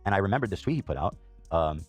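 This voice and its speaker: Fast, deep-voiced heated male host. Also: expressive, soft background music. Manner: heated, swears, frequent fillers and coughs. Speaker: podcast host. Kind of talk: reaction commentary.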